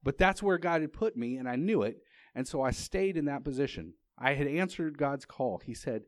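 A man's voice: medium pitch, lively intonation, moderate pace, few pauses, dry recording. A man preaching a sermon. He tells a personal story in a conversational way, often restarting his sentences, and asks the congregation rhetorical questions.

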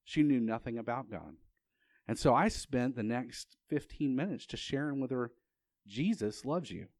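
Guy preaching, chatty storyteller, mid-pitch voice, dry close sound. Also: moderate pace, darkish tone, dry recording. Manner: conversational storytelling, frequent restarts; rhetorical questions to the congregation. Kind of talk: sermon.

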